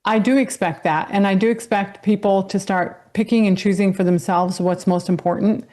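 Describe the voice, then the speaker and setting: A woman's voice: mid-range voice, steady tone, normal speed, dark tone. A woman doctor appearing as a guest, patiently explaining health matters in casual chat.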